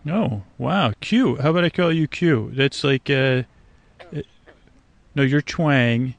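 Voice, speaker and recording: A man with a gravelly, mid-pitched voice muses aloud to the creatures around a night swamp, stumbling through fillers and half-finished thoughts. His talk meanders without hurry, and the sound is close and dry. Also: no room sound. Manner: meandering, hesitant, full of restarts and fillers, talks to frogs. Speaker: sleep podcast host. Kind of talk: rambling improvised monologue to nature.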